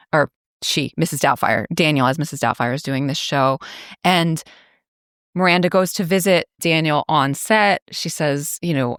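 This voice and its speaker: A woman with a notably low voice hosts a podcast, retelling a story in a loose, chatty way full of fillers and wry asides. Her sound is close and dry, with no room echo. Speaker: podcast host. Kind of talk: casual plot recap.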